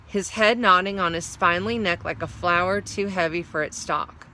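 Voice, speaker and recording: Bright-voiced woman reading a story. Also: on the low side, normal speed, a little hiss or hum. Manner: explains hard words while reading. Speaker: story reader.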